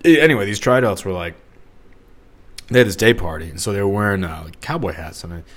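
A man's voice: fairly low pitch, fast. A young man from the St. Louis area, talking casually and rambling on a solo podcast, with lots of fillers and restarts. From Missouri, St. Louis area. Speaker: podcast host.

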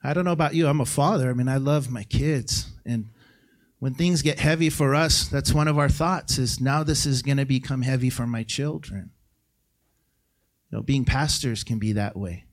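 A middle-aged man preaching a sermon as guest pastor in a church, talking in a conversational way that jumps to shouted peaks and drops to hushed lines. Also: mid-range voice, normal speed. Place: church sanctuary.

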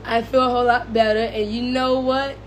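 A woman's voice: a little high, flat delivery, brisk, a little hiss or hum. A woman co-hosting a casual wrestling podcast, ranting bluntly with lots of slang and swearing. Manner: profane, heated ranting. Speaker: podcast co-host. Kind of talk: casual chat.

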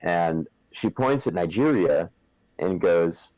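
A man's voice: deep voice, brisk, dry recording, poor audio. A young man from Southern California in casual chat, rambling with lots of swearing and filler words.

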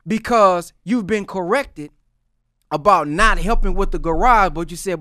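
A man's voice: high-pitched, unhurried, sharp tone, dry recording, studio quality. A man talking in a loose, preaching style with a lot of slang, acting out the voices of the people he quotes. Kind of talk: preaching-style casual talk.

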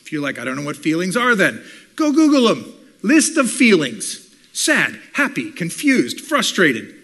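A man preaching a sermon on listening, teaching with animated delivery and acting out what listeners might say. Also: fairly high pitch, normal speed, slightly rough. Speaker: pastor and communications professor.

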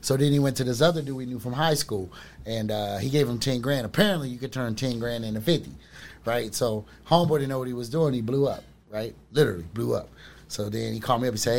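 A man's voice: mid-range voice, quick pace, gravelly, darkish tone. A middle-aged man in casual chat, telling long rambling stories in street slang. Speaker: storyteller on a podcast.

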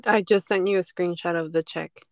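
A woman podcast co-host tells a story in relaxed, casual chat. She laughs along and drops to a whisper for quoted lines. The sound is dry and close-miked. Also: lowish voice, a little fast, no echo.

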